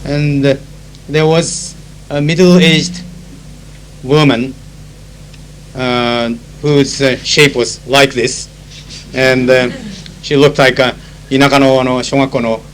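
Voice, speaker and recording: Slow and steady, pausing often, a conference interpreter with a Japanese accent and a mid-range voice records a spoken diary. He chats through anecdotes with many fillers and moves into Japanese to explain phrases, captured roughly on an old tape with a faint hum.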